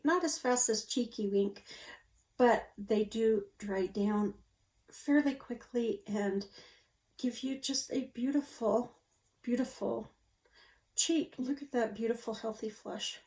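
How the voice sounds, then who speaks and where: A woman's voice: fairly high pitch, a little mellow. A woman reviewing her favorite makeup in a casual, gushing way, lingering on her words and sounding a little out of breath. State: slightly out of breath. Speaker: beauty vlogger.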